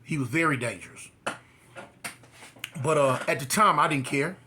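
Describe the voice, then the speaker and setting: Man from California, ex-prisoner type, fairly high forceful voice, animated casual storyteller. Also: moderate pace, a little hiss or hum. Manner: animated, acts out dialogue with rising pitch. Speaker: former prisoner telling his story.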